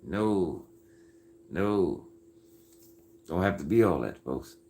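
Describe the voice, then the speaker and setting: His voice sits low and warm, with lively intonation and a slow pace, as this man reads comments from viewers on a casual faith-based livestream. He is earnest and folksy, insisting in a preacher-like way and frequently calling people "folks" and "man."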